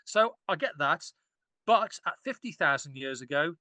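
A man's voice: a little high, lively intonation, normal speed, sharp tone, no room sound. A man, an archaeologist guest on a podcast, talking enthusiastically and rambling with frequent restarts. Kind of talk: casual podcast discussion.

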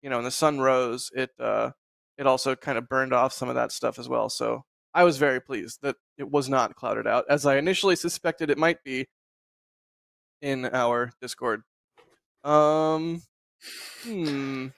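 A man hosting a casual live stream, talking in a relaxed, rambling way with frequent laughs over a video call. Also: medium pitch, measured pace, gravelly, no room sound, clean studio sound. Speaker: host.

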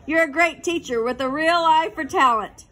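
A woman's voice: sits high, normal speed, fairly bright tone, pitched above the performer's own voice. A woman voicing a laid-back, knowing fifth-grade boy who talks in breezy, conspiratorial asides, in a storybook reading. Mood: sarcastic.

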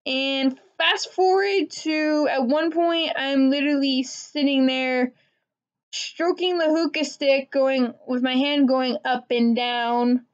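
High-voiced young woman telling a story. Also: fairly even intonation, takes it slowly. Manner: chatty, conversational, says "literally" and "like" often. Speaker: podcast host. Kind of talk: casual personal storytelling. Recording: dull lo-fi recording.

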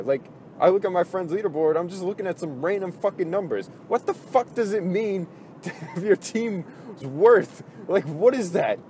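A man's voice: medium pitch, darkish tone, a little hiss or hum. Profane, frustrated man ranting casually. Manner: frustrated, profane, rambling with many fillers. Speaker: gaming video host.

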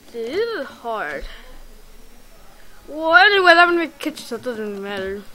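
A woman giving rambling, excitable let's play commentary while gaming, full of ums and restarts. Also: fairly high pitch, rough recording. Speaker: gamer.

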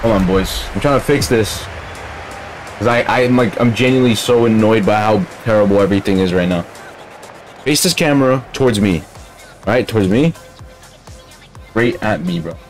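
A man's voice: fairly low pitch, normal speed, long pauses, soft background music. A man streaming a game live, grumbling in casual slang and calling his listeners bro.

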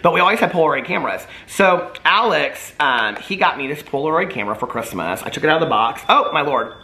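A man's voice: a little high, animated, quick pace, bright, forceful tone, echoey room, a little hiss or hum. A man chatting casually to camera at home, rambling and self-deprecating with frequent laughs. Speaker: vlogger. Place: at home, room with ring light.

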